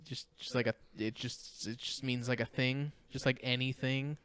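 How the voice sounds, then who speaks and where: Young guy rambling thru a movie recap, swears a lot, tosses in silly voices, regular-pitched. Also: little pitch movement, fairly bright tone, clean tone. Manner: rambling, swears, quick mock character voices. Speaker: podcast co-host. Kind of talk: casual movie recap chat.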